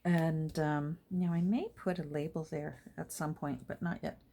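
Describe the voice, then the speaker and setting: A middle-aged woman chatting casually while she crafts at home, rambling along and murmuring soft asides to her materials. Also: low voice, fairly even intonation, measured pace, slight background noise. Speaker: junk journal crafter and vlogger.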